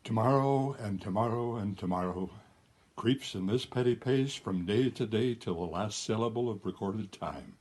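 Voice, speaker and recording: A man playing a husky, weary king. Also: on the low side, a little mellow. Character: grim weary Scottish king, brooding. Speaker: actor reading a monologue. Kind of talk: theatrical monologue.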